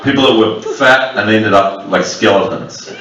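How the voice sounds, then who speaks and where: A man's voice: on the low side, normal speed, highs cut off. A man with an Australian accent doing profane stand-up crowd work on a club stage, needling audience members. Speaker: stand-up comedian. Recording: echoey club, far mic, loud crowd laughter.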